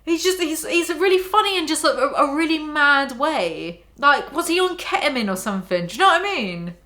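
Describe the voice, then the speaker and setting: A woman's voice: high-pitched, lively intonation, a little fast, bright, forceful tone. Giggly young woman chatting about books. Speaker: book vlogger. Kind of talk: casual chat between read-aloud passages.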